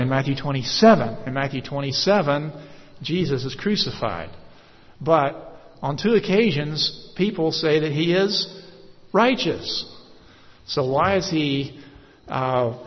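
Man preaching in an echoey hall. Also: mid-range voice. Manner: measured, frequent "uh" pauses, explanatory. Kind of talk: verse-by-verse sermon. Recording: echoey hall, dull lo-fi sound.

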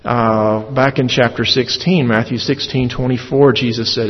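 A man teaches through a Bible passage in a measured, thoughtful way, often pausing on a filler "uh". His voice sits at an ordinary middle pitch. The recording sounds a little dull and carries a long reverb, as if made in a large hall.

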